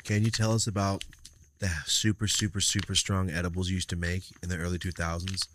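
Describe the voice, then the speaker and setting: A man's voice: deep voice, little pitch movement, brisk, noisy background. A man hosting a casual podcast chat, teasing his guest and swearing freely. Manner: teasing, swears a lot, pushes for stories. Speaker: podcast host.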